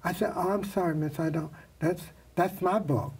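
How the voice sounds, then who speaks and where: Older man telling stories, husky and distant. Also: high-pitched, normal speed. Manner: animated storyteller acting out quoted voices. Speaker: makeup artist guest. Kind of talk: storytelling interview.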